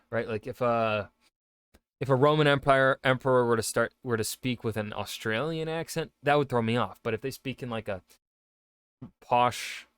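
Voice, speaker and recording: A man's voice: mid-range voice, fairly bright tone, clear, resonant tone, no echo. A man, an author, giving casual reaction commentary, rambling with many fillers and restarts. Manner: rambling, lots of fillers and self-corrections.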